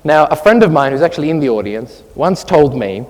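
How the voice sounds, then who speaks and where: Expressive man speaking in a reverberant hall. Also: mid-range voice, fairly quick, few pauses. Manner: expressive storyteller, animated, with asides. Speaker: speaker giving a talk to an audience. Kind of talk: public talk. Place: hall with an audience.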